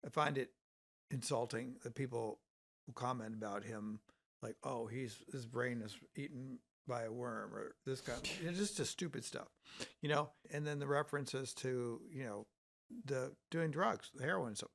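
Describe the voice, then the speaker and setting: Gravelly man hosting casual chat. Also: mid-range voice, normal speed. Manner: earnest, agreeable, many fillers. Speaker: host.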